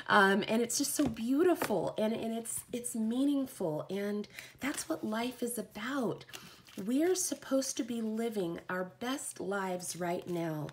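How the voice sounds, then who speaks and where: A woman's voice: medium pitch, slight background noise. A woman giving a heartfelt, rambling live oracle card reading.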